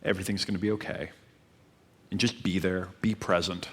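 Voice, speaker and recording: Calm, low-voiced male dating coach. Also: a little fast, slightly rough. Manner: calm, repetitive advice-giving. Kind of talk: coaching talk.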